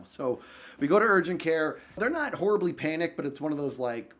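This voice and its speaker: A young man telling a story on his vlog, very animated, swinging from loud outbursts to low mutters and rambling with lots of restarts. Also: brisk, a little hiss or hum. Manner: rambling, full of likes and restarts. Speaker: YouTube storyteller.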